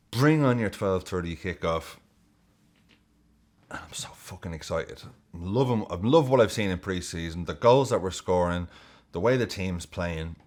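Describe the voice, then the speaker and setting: A man hosting a football video, giving jokey, excitable and sweary casual commentary. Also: low-pitched.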